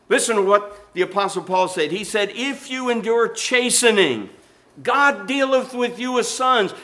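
High-voiced older preacher. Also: male voice, bright, forceful tone. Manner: preaching with rising and falling intensity, calls of amen. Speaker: pastor. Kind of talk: sermon.

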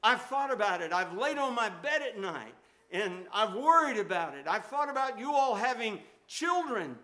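A man's voice: sits high, big pitch swings, moderate pace, bright, forceful tone, pitched above the performer's own voice, heavily acted. A man voicing a worried older mother who begs her grown son not to marry. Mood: pleading. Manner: pleading, emotional.

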